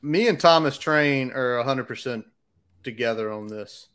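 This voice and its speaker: A man's voice: mid-range voice, normal speed, a bit bright, smooth. An American man hosting a casual sports podcast, making brash, fired-up predictions. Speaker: podcast host.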